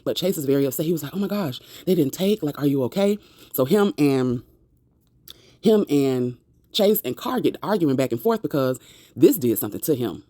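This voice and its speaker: A woman's voice: extremely low pitch, expressive, moderate pace, dark tone, no echo, clean studio sound. A woman casually recapping a TV episode in a chatty, sassy way, full of slangy asides. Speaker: TV recap vlogger.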